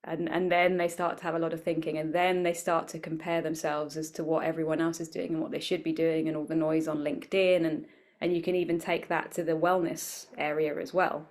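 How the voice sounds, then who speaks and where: A woman, a wellbeing coach, speaking as a guest in a conversational interview, reflective and animated, acting out little quoted voices. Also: low-pitched, a little fast.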